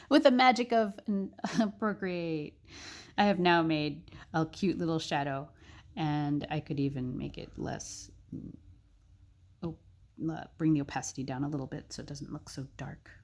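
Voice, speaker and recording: A young woman narrating a casual drawing tutorial, chatty and thinking aloud with soft muttered asides. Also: low-pitched, measured pace.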